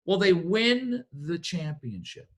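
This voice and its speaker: Guy coaching a business team, super lively pitch, acts out the stories, motivational vibe. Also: slow. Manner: animated storyteller, acts out what others said. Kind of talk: motivational training talk.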